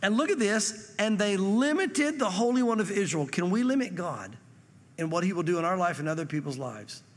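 Man, pastor, conversational sermon, high voice, long hall reverb. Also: big pitch swings, normal speed. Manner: conversational preaching, reads scripture aloud and acts out quotes.

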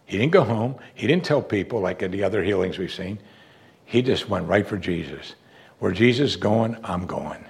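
A man preaching a sermon, moving between loud, raised emphasis and quiet, hushed lines. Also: lowish voice, creaky. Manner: animated, swings from loud emphasis to soft, hushed delivery.

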